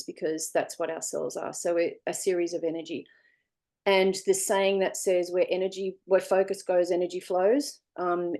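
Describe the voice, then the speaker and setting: Animated Australian woman guest, mellow voice. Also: lowish voice. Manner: animated storyteller acting out voices. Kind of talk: online interview.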